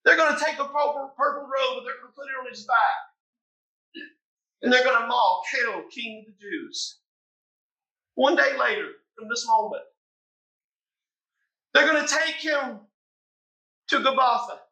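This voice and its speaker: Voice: sits high, unhurried, long pauses, pushed and bright, rough recording. A preacher delivering a sermon in a dramatic, impassioned storytelling manner.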